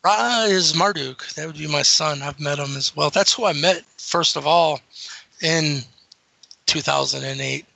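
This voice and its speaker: A middle-aged man guesting on an interview, telling rambling, animated stories about his encounters. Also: a little high, measured pace, vocal fry, no room sound, poor audio. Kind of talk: casual storytelling.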